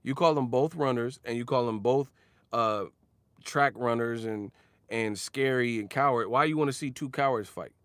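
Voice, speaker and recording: A man ranting casually about boxing, animated and profane, laughing often. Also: medium pitch, moderate pace, clear, resonant tone, no room sound. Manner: animated, profane, laughs often, mocks others with sudden shouts. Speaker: boxing commentator.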